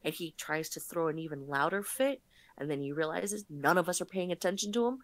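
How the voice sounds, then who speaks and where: A woman tells a story in a casual stream chat, swearing freely and tripping over restarts. Her voice sits low. The sound is dry and close, with no room to it. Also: fairly quick, dry recording. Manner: profane, animated, stumbling restarts.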